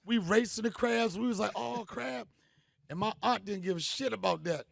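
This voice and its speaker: A man's voice: high-pitched, a little fast, vocal fry, no echo, clean studio sound. A middle-aged man hosting a crowd, telling loose, slangy, joking stories. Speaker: comedian host speaking to an event crowd. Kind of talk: storytelling speech to a live crowd.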